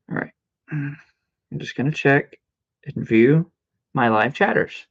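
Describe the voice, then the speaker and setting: A man with a fairly high, expressive, creaky voice talks at a measured pace with frequent pauses, in a muffled recording. Casually chatting while gaming on a live stream, he gets playfully over-dramatic and hums or sings little tunes and sound effects between lines.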